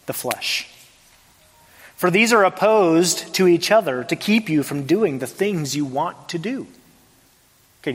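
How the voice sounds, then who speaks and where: A man preaching a sermon as pastor, emphatic, with rhetorical questions and big shifts between loud and soft. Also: sits high, slightly rough. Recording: long reverb of a large hall.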